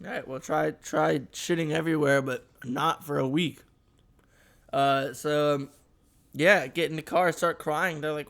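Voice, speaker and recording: A man's voice: fairly high pitch, fairly even intonation, a little slow, creaky, a bit bright. A young man co-hosting a podcast, telling a crude story in a rambling, laid-back way. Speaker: podcast co-host. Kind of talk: casual storytelling.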